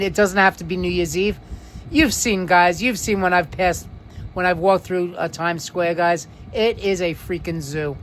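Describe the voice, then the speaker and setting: Here the New York-accented livestream host has a high, fairly bright voice, with a little noise in the background. His delivery is chatty, full of fillers and drawn-out emphasis, as he reads comments from viewers and hosts a quiz.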